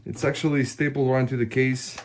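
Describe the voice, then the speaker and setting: There's background noise as a man in a casual tech tutorial explains a hardware install one step at a time while working. He addresses viewers as guys, speaking a little fast in a mid-range voice with a level tone.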